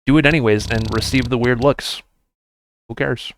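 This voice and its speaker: A man's voice: medium pitch, quick pace, over music. A man casually chatting with his live stream audience in an easygoing, encouraging way. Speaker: game streamer.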